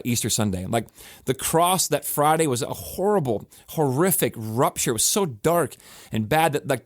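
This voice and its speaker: Earnest pastor talking in a dry room. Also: male voice, mid-range voice, no room sound. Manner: earnest and conversational, with emphatic restarts. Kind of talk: reflective podcast talk.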